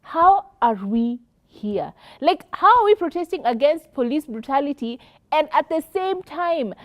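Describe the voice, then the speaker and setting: A woman hosting a talk show, retelling events with passion and indignation. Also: high voice. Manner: impassioned, indignant retelling with vivid quotes. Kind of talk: studio talk show discussion.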